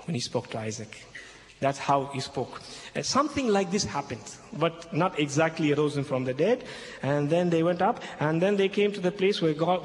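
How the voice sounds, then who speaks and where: A man with a somewhat high voice explains scripture to an audience in emphatic, slightly broken English, repeating his key points. The sound bounces around a large hall with a long tail of reverb. A faint hum of background noise sits under his voice. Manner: emphatic, repeats key phrases, checks in with "okay?". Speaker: Christian speaker addressing an audience. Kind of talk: expository talk retelling a Bible passage.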